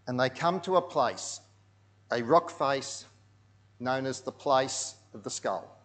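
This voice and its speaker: Guy preaching a sermon, tells it dramatic, goes real quiet then loud, middle pitched voice. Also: lively intonation, slow. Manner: dramatic storytelling, drops to hushed tones and swells loud. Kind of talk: sermon narrated over pictures.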